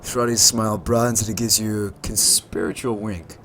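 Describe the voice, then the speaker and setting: A man voicing a gruff but well-meaning old male junk dealer with a put-on German accent. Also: on the low side, fairly even intonation, a bit bright, a little hiss or hum. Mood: fond. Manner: gruff, slow and hearty.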